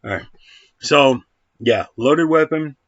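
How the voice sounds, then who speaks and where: A man's voice: a little high, slow, fairly bright tone, no room sound, muffled recording. A man rambling through a casual film review at home, full of fillers and restarts. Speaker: movie reviewer.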